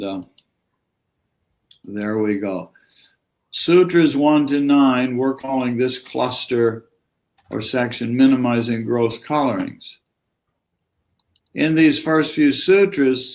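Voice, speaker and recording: Gravelly man giving a rambling yoga lesson. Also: medium pitch. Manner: rambling, conversational, chats with viewers. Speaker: yoga teacher. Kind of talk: live-streamed teaching talk.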